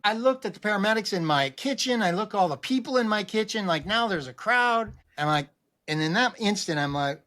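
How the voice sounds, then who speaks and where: Middle-aged guy on a podcast, fairly high voice, tells his story with lots of energy and acts out the voices. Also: lively intonation, fairly quick, bright, forceful tone, no echo. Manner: acts out quoted voices, frequent restarts. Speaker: podcast guest. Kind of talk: animated personal storytelling.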